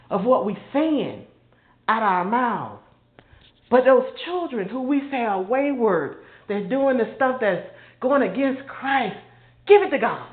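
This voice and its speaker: An older woman, preaching an informal sermon in an impassioned, conversational way, sometimes mimicking people in mocking asides. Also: high voice. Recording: phone-quality audio in an echoey room.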